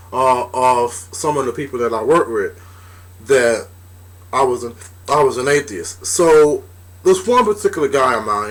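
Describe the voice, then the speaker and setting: A man's voice: medium pitch, fairly bright tone. A young man, a vlogger, talking straight to the camera in a blunt, indignant rant, swearing freely and stumbling over his words at times. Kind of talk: casual vlog rant.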